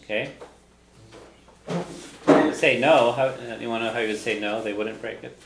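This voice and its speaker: A man teaching a language class, patiently drilling phrases slowly so students can repeat them. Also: medium pitch, fairly even intonation, vocal fry, roomy sound, very noisy.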